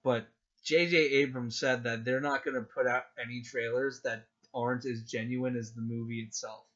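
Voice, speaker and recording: A man co-hosting a podcast in casual chat, excitable and gushing, acting out his own reactions. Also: medium pitch, moderate pace, dull audio. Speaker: podcast co-host.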